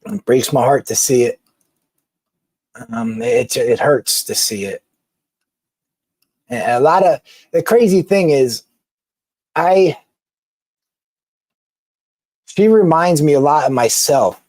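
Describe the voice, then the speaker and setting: A man talks loosely to his live-stream viewers, tripping over his words and starting sentences over. His voice sits at an ordinary middle pitch. The sound is dry and close, with no room echo. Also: animated, darkish tone. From Philadelphia. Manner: rambling, halting, with many restarts and laughs. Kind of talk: casual live-stream chat reading comments.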